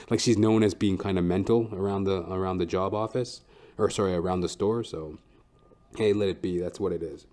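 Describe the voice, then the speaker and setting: A man's voice: low voice, fairly even intonation, normal speed, dark tone. A young man hosting a comedy podcast, rambling casually and swearing loosely. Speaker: podcast host.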